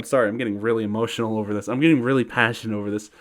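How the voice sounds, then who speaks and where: A man's voice: medium pitch, fast talker, few pauses. Brief: male reviewer, exasperated profane rant, mid-range voice, casual. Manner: profane, exasperated, breaks into laughter. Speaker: video reviewer. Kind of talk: casual ranting commentary.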